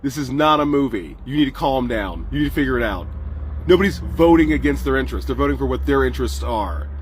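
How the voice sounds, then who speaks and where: A man's voice: medium pitch, animated, fast talker, slight background noise. A man hosting a commentary video, ranting with mocking, repeated rhetorical questions and swearing. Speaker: host.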